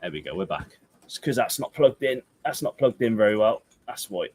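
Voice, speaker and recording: A man's voice: lowish voice, big pitch swings, normal speed, darkish tone, breathy edge. A young man with a Gloucestershire and Herefordshire accent hosts a football livestream. He chats casually and reads out viewer comments. He jokes, rambles, sounds tired and breaks into playful outbursts. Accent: Gloucestershire/Herefordshire English. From England.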